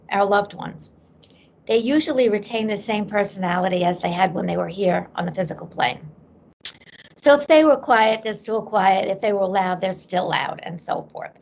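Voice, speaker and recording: Brief: middle-aged woman, medium-pitched and gravelly, an animated podcast guest telling a story. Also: moderate pace. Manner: animated storyteller who acts out quoted voices.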